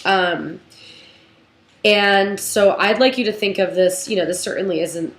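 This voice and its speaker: A young adult woman teaching a literature class, talking it through in an unhurried, thoughtful way with many ums and restarts. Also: medium pitch. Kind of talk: recorded lecture with a read-aloud passage. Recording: echoey room, faint ambience.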